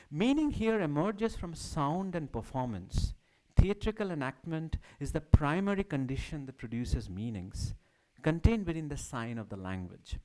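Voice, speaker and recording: A man reading a prepared academic talk at a symposium, with a measured, declamatory delivery. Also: medium pitch, warm tone, poor audio. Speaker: academic speaker. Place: symposium hall.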